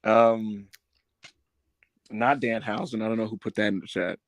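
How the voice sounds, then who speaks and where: A man co-hosting a podcast in casual chat, animated and swearing freely as he acts out quotes. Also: lowish voice, a little slow, no echo. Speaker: podcast co-host.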